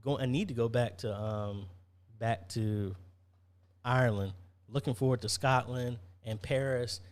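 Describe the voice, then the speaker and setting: A man's voice: medium pitch, steady tone, a little slow. A man hosting a casual live-stream Q&A, chatty, reading viewer comments aloud and answering them.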